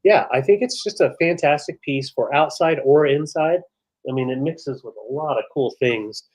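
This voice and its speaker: A man co-hosting a live vintage sale, relaxed and enthusiastic as he describes each piece. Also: fairly high pitch, normal speed. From western United States. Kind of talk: live selling chat.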